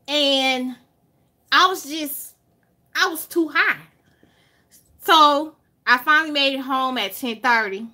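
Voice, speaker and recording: Her high voice carries a Southern US accent as she vlogs a lively story to viewers. The Alabama woman elongates words for emphasis and uses profanity liberally.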